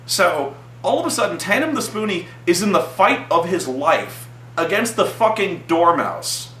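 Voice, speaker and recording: A man telling a story about his tabletop game character, excitable and profane, acting out quotes in a raised voice. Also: sits high, measured pace, roomy sound, a little hiss or hum. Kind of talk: animated storytelling.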